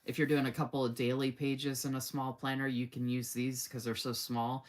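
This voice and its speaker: A woman's voice: very deep voice, flat delivery, moderate pace. A woman hosting a casual live stream, gushing with enthusiasm over planner stickers and reading viewer comments aloud. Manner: gushing, enthusiastic, says "oh my gosh" often. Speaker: host of a live sticker showcase.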